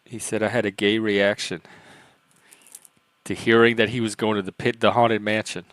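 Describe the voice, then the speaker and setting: A man's voice: lowish voice, level tone, normal speed, a bit bright, no echo. A man hosting a live stream in casual chat, rambling and self-mocking with frequent laughs and a light, youthful-sounding voice.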